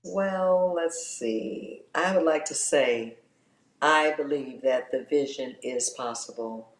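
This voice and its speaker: A woman's voice: rumbling low, takes it slowly, roomy sound. A woman guest, a singer, speaking effusively and from the heart in an interview. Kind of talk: casual interview chat.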